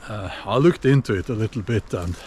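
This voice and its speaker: A man giving a casual opinion monologue while walking outdoors, unhurried and musing, with many fillers and restarts. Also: fairly low pitch, mellow, slight background noise. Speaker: video blogger.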